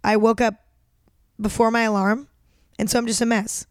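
A woman's voice: a little high, level tone, moderate pace, clear, resonant tone, dry recording, clean studio sound. A young woman hosting her own podcast, chatting casually in a rambling, self-deprecating way, full of fillers and swearing, a little groggy from an early start. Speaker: podcast host. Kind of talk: casual solo podcast chat.

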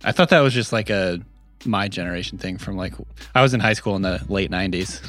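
A man's voice: sits low, quick pace, fairly bright tone, soft background music. A man in his forties co-hosting a podcast in casual chat, rambling and joking with lots of fillers. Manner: rambling, jokey, trailing off with fillers. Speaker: podcast co-host.

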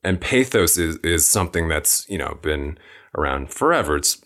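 A man hosting a podcast interview, talking casually and reading definitions aloud as he thinks out loud. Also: rumbling low. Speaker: podcast host.

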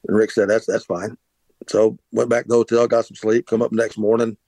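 A man's voice: on the low side, little pitch movement, a little fast, mellow, no echo. A middle-aged man hosting a podcast, telling a long story casually, with frequent restarts and filler words. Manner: rambling, many restarts and "uh"s. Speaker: podcast host, former pitcher.

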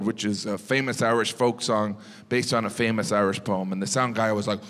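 A man doing a stand-up comedy routine, telling a story with voices that jump high in disbelief. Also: fast talker. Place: large theater with a live audience. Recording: live hall reverb with audience noise. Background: audience laughter.

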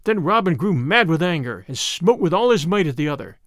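A man narrating an old-fashioned adventure story in an expressive storytelling manner. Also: on the high side, brisk, no room sound, clean studio sound.

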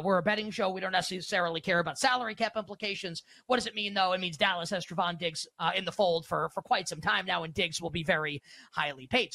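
A male host talks through sports betting with energy and emphasis, keeping it casual and often firing off rhetorical questions. His voice is high-pitched with vocal fry, and there's no echo.

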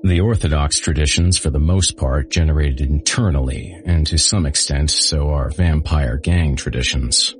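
A man's voice: extremely low pitch, normal speed, hardly any pauses, slight background noise. A man narrating a story in the first person with a dry, sardonic delivery.

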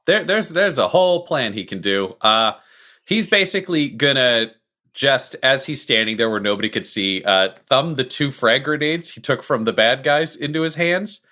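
A man's voice: medium pitch, animated, normal speed, pushed and bright. A man playing a tabletop game, laying out his character's plan plainly. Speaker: player.

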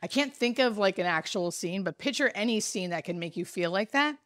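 A woman, a hospice nurse telling a story in casual chat, animated and full of fillers. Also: medium pitch, fairly quick, no echo, studio quality. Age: 30s.

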